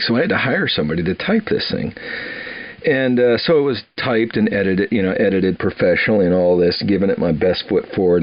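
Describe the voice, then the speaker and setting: A man's voice: deep voice, dull audio. An older man from Wisconsin telling his life story in a rambling, laughing way, with plenty of restarts. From Wisconsin, USA. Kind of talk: casual storytelling.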